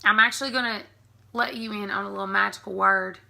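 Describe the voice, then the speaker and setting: Speaking quickly in a mid-range voice, a Southern American woman in her thirties giggles through a casual accent tag video. Her tone stays steady, creaky, pushed and bright, and she's a chatty vlogger who says um often.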